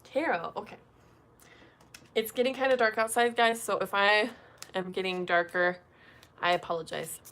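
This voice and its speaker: A woman's voice: mid-range voice, steady tone, normal speed, pauses often, fairly bright tone. A young woman reading tarot cards on a casual livestream, chatty and full of "um" and "like". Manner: chatty, lots of fillers like 'um' and 'like'. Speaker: tarot reader doing live card pulls.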